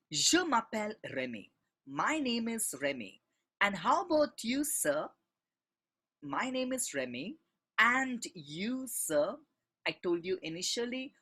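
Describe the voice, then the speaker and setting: A male French teacher works through a textbook exercise slowly and patiently. His voice is a little husky, and his pitch rises and falls a lot as he stresses each word and spells it out letter by letter. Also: a bit bright. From India.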